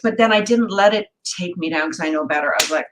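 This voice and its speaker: A woman co-hosting a casual spiritual chat, telling her stories in an earnest, animated way. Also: fairly low pitch, quick pace, noisy background. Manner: earnest storytelling, animated retelling. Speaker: co-host and singer.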